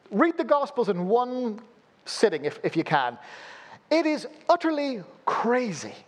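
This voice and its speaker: Telling amusing stories from the pulpit, a male pastor preaches his sermon, at times falling without warning into a soft, low voice.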